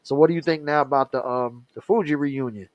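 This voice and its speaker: A man's voice: mid-range voice, fairly quick, muffled recording. A man hosting a radio show, laid-back and slangy in casual banter. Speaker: radio host. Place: radio studio.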